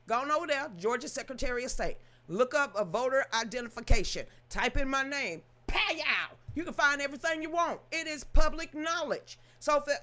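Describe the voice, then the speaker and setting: A woman's voice: high voice, animated, brisk, few pauses, bright, forceful tone. A woman reading news aloud, then ranting about it in an emphatic, sassy, scolding way. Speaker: political commentary host.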